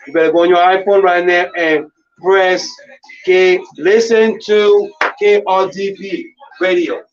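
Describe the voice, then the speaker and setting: A man hosting live radio, loud and excitable with chanting ad-libs, his voice going raspy. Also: high voice, measured pace, recorded from a distance, lo-fi sound. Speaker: radio host. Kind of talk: hype live radio banter.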